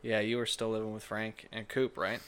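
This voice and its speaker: Low-voiced man, easygoing co-host. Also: flat delivery, fairly bright tone, clean tone. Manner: easygoing, laughs along, quick reactions. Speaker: podcast co-host. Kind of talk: casual chat.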